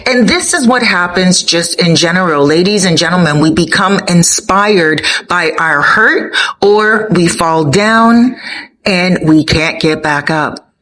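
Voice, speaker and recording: A woman's voice: on the low side, takes it slowly, a bit bright, slight background noise, poor audio. A Canadian woman with a Canadian accent, giving an earnest, opinionated commentary monologue straight to her viewers. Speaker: commentary vlogger.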